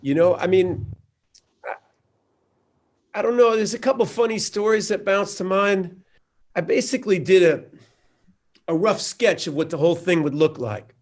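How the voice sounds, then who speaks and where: A man speaking as a showrunner guest in a roundtable conversation, telling a story in a halting but animated way. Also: sits high.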